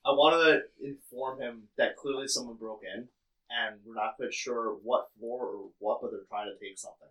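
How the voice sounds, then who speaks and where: A man's voice: medium pitch, steady tone, normal speed, a bit bright, poor audio. A man playing a tabletop game, bluffing playfully in character. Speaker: player.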